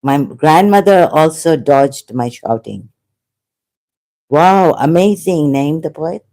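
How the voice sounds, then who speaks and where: A woman's voice: sits low, slow pace, warm tone. A woman talking in an unscripted monologue as an online commentator, impassioned and rambling, often repeating herself.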